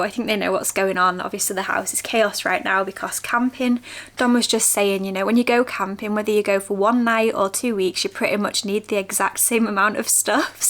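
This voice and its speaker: Chatty woman with a gravelly edge. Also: mid-range voice, fairly bright tone. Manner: chatty, laughs often. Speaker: vlogger. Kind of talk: casual chat to camera.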